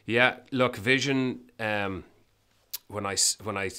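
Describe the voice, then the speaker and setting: A man interviewed as a business guest, telling emphatic, animated anecdotes with frequent restarts in casual conversation. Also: on the low side, slow pace, smooth.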